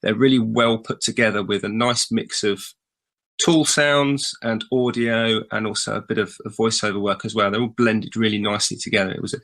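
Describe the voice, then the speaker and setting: Chatty podcast host. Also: male voice, lowish voice, fairly quick. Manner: relaxed, chatty, steering the conversation. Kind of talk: casual podcast chat.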